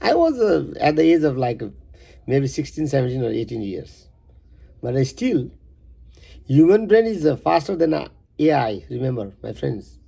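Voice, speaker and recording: A man who is a poet, reading his poem verse by verse and stopping for halting, rambling asides. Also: medium pitch, sing-song, vocal fry, dark tone, slightly rough.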